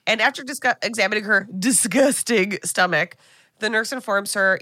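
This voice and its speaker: Animated woman recapping a movie, bright voice. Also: medium pitch, a little fast, no echo, studio quality. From United States. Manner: animated retelling, acts out characters' lines, swears casually. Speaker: podcast co-host. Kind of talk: casual movie recap chat.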